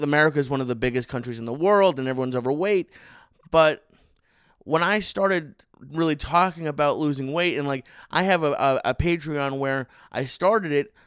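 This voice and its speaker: A man's voice: fairly high pitch, clean tone, dry recording, clean studio sound. A man hosting a podcast in casual chat, giving brief encouraging replies and joking with his guest. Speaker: podcast host.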